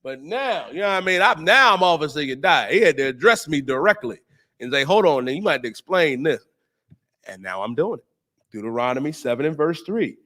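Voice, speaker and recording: A man hosting a talk show, preaching on scripture in slangy, emphatic speech and drawing out the verses slowly. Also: on the high side, lively intonation, bright, forceful tone. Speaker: host and teacher.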